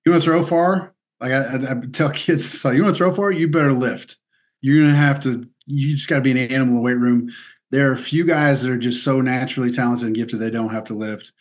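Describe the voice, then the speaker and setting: A man from Missouri, telling stories in a loose, casual way as an interview guest. His voice sits at an ordinary mid pitch, and he laughs often and drops "dude" and "like" throughout. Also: steady tone, fast talker. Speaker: guest athlete.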